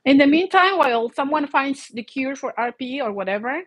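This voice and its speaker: A middle-aged woman with a foreign accent, English not her first language, telling her own story in an animated way, full of restarts and fillers. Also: high voice, a little fast, dry recording, low-quality recording. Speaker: vlogger. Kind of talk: personal storytelling.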